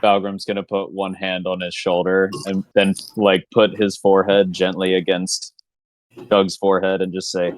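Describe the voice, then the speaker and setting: A man playing a tabletop game, calmly describing what his character does. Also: low-pitched, moderate pace, dry recording, poor audio. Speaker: player. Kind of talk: casual tabletop play.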